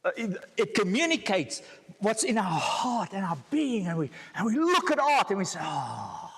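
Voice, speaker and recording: A South African man, his voice high and fairly bright, speaks at a moderate pace and with great animation as a guest speaker in a church hall. Using slides, he teaches, jokes and asks the room rhetorical questions, all in echoey hall sound.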